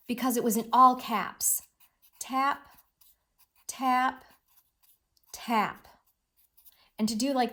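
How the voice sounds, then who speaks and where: A woman teacher giving an expressive, encouraging read-aloud reading lesson with lots of emphasis. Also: on the high side.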